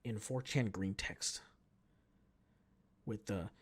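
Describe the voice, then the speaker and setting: A man in his twenties hosting a podcast, telling a story as a profane, animated casual rant. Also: on the low side, takes it slowly, breathy edge. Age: 20s. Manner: animated, profane, jumps between mumbling and shouting. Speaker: podcast host.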